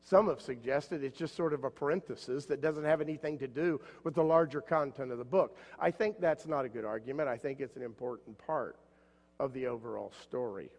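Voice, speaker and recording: A man preaching a sermon as pastor, an animated storyteller who jumps up in pitch for the voices in his stories. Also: fairly quick. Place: church sanctuary. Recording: long hall reverb.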